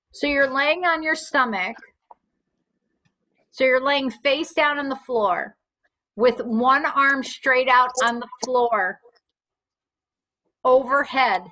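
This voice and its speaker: Bright-voiced woman leading an exercise class. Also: a little high, rough recording. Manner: clear step-by-step cues with gentle reassurance. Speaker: fitness instructor. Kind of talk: guided exercise class instruction.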